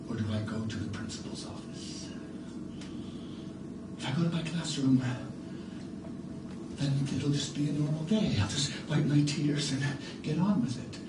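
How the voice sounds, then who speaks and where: A middle-aged man from New York City telling a tale on stage, his voice rising and falling with lively drama and an unhurried pace. He is heard from a distance in an echoey theater with background noise. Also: medium pitch. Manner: dramatic, animated, shifts between hushed and loud. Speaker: storyteller. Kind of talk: theatrical one-man storytelling.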